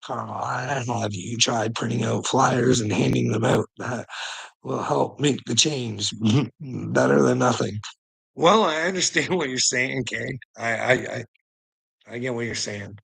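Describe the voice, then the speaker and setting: A man's voice: medium pitch, measured pace, creaky, a bit bright, husky, rough recording. A middle-aged man talking casually on a livestream, rambling, teasing viewers, swearing freely and laughing often. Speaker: livestream host.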